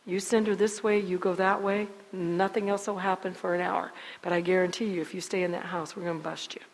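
A woman's voice: on the low side, level tone, brisk. A middle-aged woman giving an emotional church testimony, telling her story earnestly and dramatically, often restarting her sentences. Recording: long reverb of a large hall.

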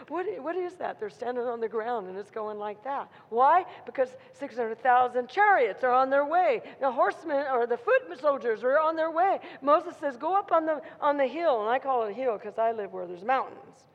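A woman preaching a sermon, telling a story in an animated way and acting out the voices of a frightened crowd. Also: a little high. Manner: animated, acts out crowd voices with rising intensity. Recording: muffled sound in a reverberant hall.

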